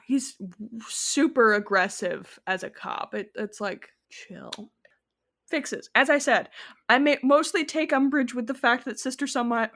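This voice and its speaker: Rambling higher-voiced woman podcaster. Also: a bit bright. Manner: rambling, self-correcting, many fillers. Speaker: podcast co-host. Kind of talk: casual podcast chat about a film.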